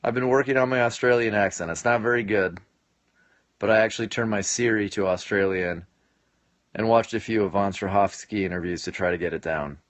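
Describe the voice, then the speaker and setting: Joking man in his late twenties, low voice. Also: steady tone, a little fast, no room sound. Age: late 20s. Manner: joking, laughs often, scattered with fillers. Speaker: live-stream host answering viewer comments. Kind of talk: casual live-stream chat. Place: home basement.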